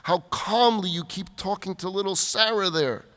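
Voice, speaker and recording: A man's voice: sits high, normal speed, a bit bright, pitched above the performer's own voice. A man voicing an admiring woman shopper who speaks earnestly, recorded in a reverberant hall.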